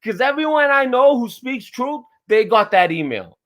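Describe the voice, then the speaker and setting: A man's voice: very high voice, animated, normal speed, fairly bright tone, poor audio. A male livestream host delivering an angry, profane, confrontational rant straight at a viewer.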